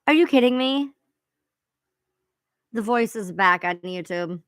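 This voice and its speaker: A woman's voice: mid-range voice, lively intonation, measured pace, dry recording. A woman hosting a casual livestream, rambling and swearing freely as she chats to viewers. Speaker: livestream host.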